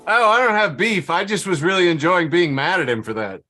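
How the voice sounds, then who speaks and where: Midwestern male comic, bright tone, deadpan self-mocking banter over a video call. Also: high voice, fairly quick, faint music behind. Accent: neutral Midwestern American. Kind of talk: casual banter.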